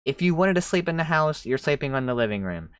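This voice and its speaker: A man hosting a reaction video, talking casually and excitedly, swearing and riffing as he comments on clips. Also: a little high, fast talker, smooth, no echo. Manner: animated, swearing, exclaiming, riffing.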